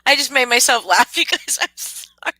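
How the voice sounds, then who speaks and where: A young adult woman hosting a casual livestream, chatting with viewers and reacting in animated disbelief. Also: sits high, normal speed, dry recording, rough recording. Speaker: livestream host.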